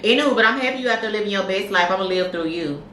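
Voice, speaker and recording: A woman co-hosting a podcast, telling stories in a candid, profane, animated way. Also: medium pitch, rapid-fire, roomy sound, far from the mic, slight background noise. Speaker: podcast co-host. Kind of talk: casual chat, storytelling.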